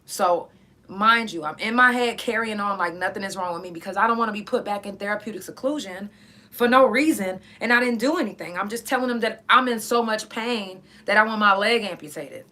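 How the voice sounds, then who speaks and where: A woman's voice: mid-range voice, a little fast, sharp tone. Woman telling a painful story bluntly. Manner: blunt, profane, emotional, in pain. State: in pain, near tears. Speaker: podcast host. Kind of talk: personal story, casual monologue.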